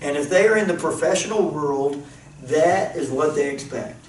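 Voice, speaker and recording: A pastor leads a group planning discussion, teaching in an earnest, casual way and repeating himself as he thinks aloud. His voice is fairly high and his speed normal. The audio is roomy, taken from a distant mic with faint noise.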